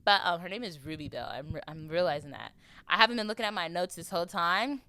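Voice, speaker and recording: Speaking fast in a voice on the low side, this young Floridian podcast host delivers a casual, chatty monologue. She's animated and playful, slipping into acted-out voices.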